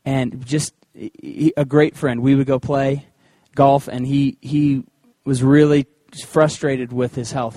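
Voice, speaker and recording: A man preaching a sermon in a conversational, animated way, weaving in personal stories. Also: medium pitch, no room sound. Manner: conversational and animated, with acted-out quotes. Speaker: pastor.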